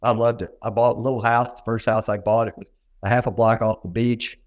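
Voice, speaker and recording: A man's voice: mid-range voice, level tone, brisk. An older man from Arkansas with a Southern accent, telling stories in a folksy, self-deprecating way as a dentist guest in an interview. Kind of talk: conversational interview storytelling.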